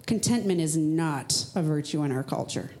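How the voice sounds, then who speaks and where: Woman preaching a lively, conversational sermon. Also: normal speed. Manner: conversational and emphatic, with sudden high-pitched rhetorical questions. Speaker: pastor. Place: church.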